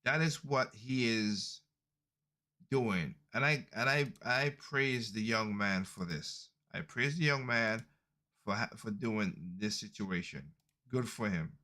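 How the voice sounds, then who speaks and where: A man's voice: on the low side, takes it slowly, pushed and bright. A man hosting a casual podcast, commenting on video clips in an emphatic, repetitive way. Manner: emphatic, repeats his points. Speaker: podcast host.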